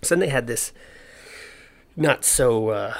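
A man's voice: mid-range voice, lively intonation, takes it slowly. A young man casually explaining history, with slangy, joking asides. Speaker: history presenter.

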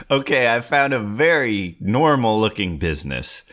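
Playful young man hosting a podcast. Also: medium pitch. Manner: playful, animated, jokey asides. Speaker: podcast host. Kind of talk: solo comedic podcast chat.

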